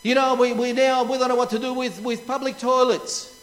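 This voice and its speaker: A man's voice: very high voice, level tone, a little fast. A man with an Australian accent preaching a sermon, emphatic and repetitive, asking rhetorical questions. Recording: long reverb of a large hall.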